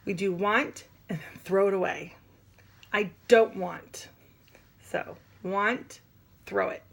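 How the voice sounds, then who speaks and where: A woman teaching sign language vocabulary in an animated, demonstrative way, with playful asides. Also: mid-range voice. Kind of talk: classroom lesson.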